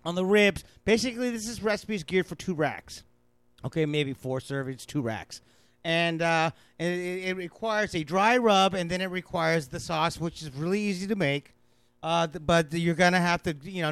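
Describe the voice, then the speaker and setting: A man hosting a radio cooking show, talking fast and rambling with a self-mocking tone. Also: fairly high pitch, fairly bright tone, clear, resonant tone, dry recording. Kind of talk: fast casual radio chat.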